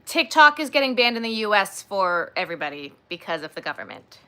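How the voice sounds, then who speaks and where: A woman's voice: medium pitch, very animated, brisk, bright, forceful tone. A woman hosting a crochet livestream, chatting casually and rambling, with frequent "like" and "um" and gushing asides.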